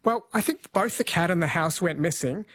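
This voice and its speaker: Chatty radio host, dry studio sound. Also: male voice, high-pitched, expressive, a bit bright, dry recording. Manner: chatty, friendly, spells words out slowly. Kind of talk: late-night radio quiz chat. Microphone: studio mic.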